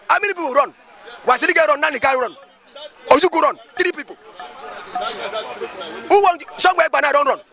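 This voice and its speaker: High, gravelly Nigerian preacher man. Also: pushed and bright. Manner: emphatic, preachy, full of rhetorical questions. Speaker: pastor. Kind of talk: impassioned street commentary.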